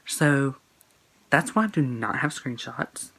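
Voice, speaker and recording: A man's voice: medium pitch, lively intonation, slow pace, fairly bright tone, low-quality recording. A young man vlogging a personal breakup story to his phone camera, earnest and emotional, rambling with fillers and quoted texts. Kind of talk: casual storytime monologue.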